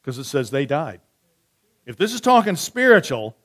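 Conversational pastor preaching to a congregation. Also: male voice, on the high side, sing-song. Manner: conversational, asks the room questions and answers back; reads scripture slowly and softly. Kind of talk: sermon with Bible reading and questions to the congregation.

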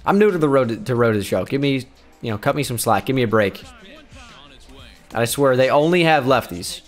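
A young man giving sarcastic play-by-play commentary over his own baseball video game, bursting into shouts of excitement. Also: medium pitch, brisk. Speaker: gaming YouTuber. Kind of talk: gameplay commentary. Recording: game music faintly behind.

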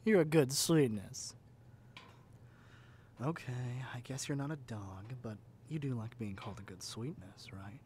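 A man voicing a doting, possessive male yandere captor in a whispered role-play, talking softly and sweetly, often in a whisper. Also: on the low side, animated, moderate pace, few pauses, slight background noise, natural voice. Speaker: ASMR roleplay performer.

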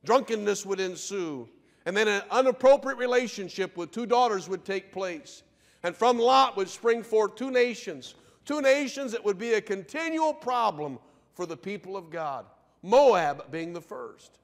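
A man preaching a sermon from the pulpit, his voice sitting fairly high for a man. He slows down and presses on key phrases for emphasis. The sound rings out with a long reverb through the church sanctuary. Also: lively intonation. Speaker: pastor.

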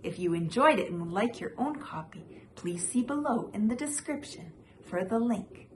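A woman reading a children's picture book aloud in a gentle, expressive way as the regular storyteller of her show. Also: on the high side, moderate pace, a little hiss or hum.

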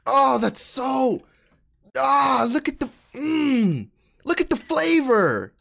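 A young man giving excitable, trash-talking commentary while playing a video game. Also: very high-pitched, slow pace, gravelly. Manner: excitable, trash-talking, swings from mumbling to shouting. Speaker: gaming YouTuber. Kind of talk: gameplay commentary.

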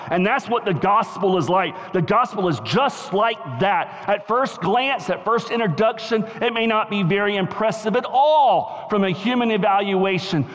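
A middle-aged man with a Southern US accent preaching a sermon as pastor, telling a story and swinging from soft asides to emphatic shouts. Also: high voice, moderate pace, hardly any pauses. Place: church sanctuary. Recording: reverberant church hall.

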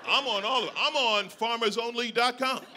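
A man performing stand-up comedy on a club stage, his voice sitting high for a man. He talks bluntly and conversationally, tossing quick checks to the crowd. The live recording carries steady noise.

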